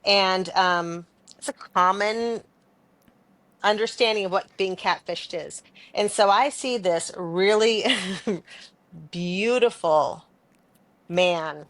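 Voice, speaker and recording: A woman co-hosting a podcast, telling a story in an animated, chatty way and laughing often. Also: medium pitch, takes it slowly, no room sound. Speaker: podcast co-host. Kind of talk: casual storytelling chat.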